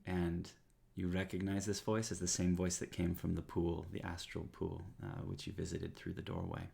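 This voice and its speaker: A man narrating as game master of a tabletop game, describing scenes with frequent pauses and fillers. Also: low voice, little pitch movement, gravelly, dark tone. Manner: descriptive, hesitant with many fillers.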